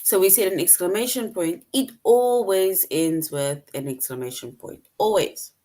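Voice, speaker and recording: A woman's voice: on the low side, normal speed, warm tone. Woman teaching a grade-school grammar lesson. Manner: patient, explains step by step and acts out example sentences. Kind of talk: online grammar lesson for children.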